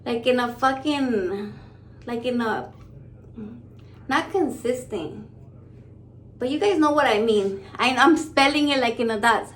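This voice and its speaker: A woman in her thirties telling a story to camera in a profane, blunt, excitable way. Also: on the high side, measured pace, pauses often, a little hiss or hum. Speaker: vlogger.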